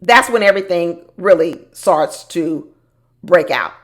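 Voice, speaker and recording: A woman's voice: on the low side, lively intonation, unhurried. A woman hosting a casual reality TV recap, chatty and opinionated, talking straight to her viewers.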